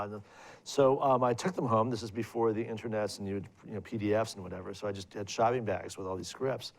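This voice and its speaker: A man's voice: lowish voice, fairly even intonation, fast talker, vocal fry. A middle-aged man telling digressive career stories as a guest at a live student event, with many fillers and restarts. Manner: rambling, digressive anecdotal storytelling with many restarts. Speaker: guest filmmaker. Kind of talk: on-stage career conversation.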